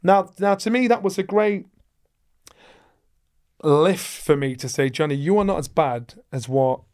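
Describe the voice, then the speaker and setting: Animated man telling stories. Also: fairly high pitch, unhurried. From England. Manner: acts out voices in his stories, rising to shouts. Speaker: guest, former boxer. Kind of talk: animated storytelling.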